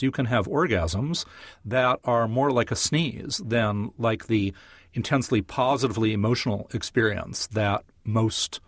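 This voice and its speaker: A man as a science guest on an interview show, explaining in a measured, lecture-like way with vivid examples. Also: on the low side, dry recording. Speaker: neuroscientist guest.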